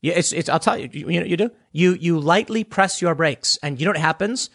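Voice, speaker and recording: A man's voice: on the high side, brisk, creaky, a bit bright, breathy edge. A man ranting as a political commentator, sarcastic, dismissive and blunt. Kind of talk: casual opinion rant.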